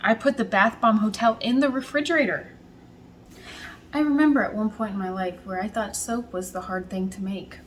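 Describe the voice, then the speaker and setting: A woman hosting a casual home vlog, talking through her work in a chatty, self-deprecating way with quick bursts of speech. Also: mid-range voice, a little hiss or hum, poor audio. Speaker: soap maker and channel host. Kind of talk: casual vlog narration while working.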